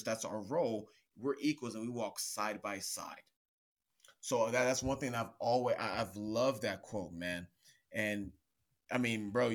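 A man hosting a casual podcast chat, earnest and a little preachy, calling his guest bro and man. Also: fairly low pitch. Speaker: podcast host. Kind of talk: casual faith-based chat.

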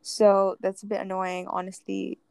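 A teenage girl with an American accent, co-hosting a casual podcast chat and rambling through jokes and quick asides. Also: mid-range voice, monotone, vocal fry, a little mellow, smooth, no room sound. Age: teens. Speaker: podcast co-host.

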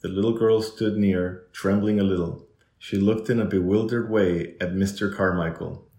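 Deep-voiced man narrating a storybook. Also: fairly even intonation, moderate pace, dark tone. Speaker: audiobook reader. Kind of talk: scripted narration. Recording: roomy echo.

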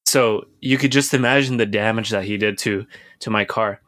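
A man's voice: fairly low pitch, normal speed, fairly bright tone, no room sound, studio quality. A young man casually telling a rambling, profane story on a podcast, full of restarts and filler words.

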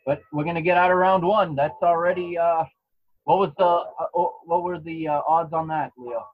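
A man gives casual play-by-play of a fight on a home podcast, his voice slightly husky. He is relaxed and chatty, often restarting his sentences. The recording sounds dull and lo-fi. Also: fairly high pitch, moderate pace. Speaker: podcast co-host commentating a fight. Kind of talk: casual live fight commentary. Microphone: home microphone.

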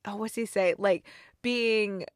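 A woman hosting a movie review show, recapping a plot in a casual, animated way, laughing often and saying "like" a lot. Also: medium pitch, slow, dry recording, clean studio sound. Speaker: movie review podcast host.

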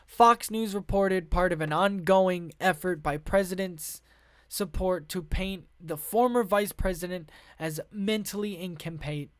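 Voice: medium pitch, a little slow, dry recording, studio quality. A podcast host who reads news articles aloud in a casual way, with many fillers, restarts, offhand asides and frank swearing. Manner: offhand asides between read passages.

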